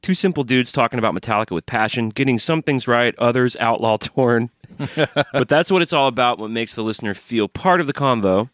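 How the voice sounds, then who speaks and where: A man's voice: medium pitch, expressive, fairly quick, fairly bright tone, dry recording, clean studio sound. A man co-hosting a podcast in casual chat, upbeat and crude-humored, plugging the show and reading emails. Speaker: podcast co-host. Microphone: studio microphone.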